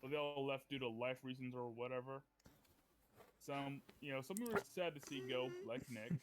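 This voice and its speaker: A man chatting casually as a tabletop player, reflective but emphatic. He often punches a word with a sudden loud stress. His voice sits at an ordinary middle pitch. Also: normal speed, over a noisy crowd. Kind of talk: casual chat.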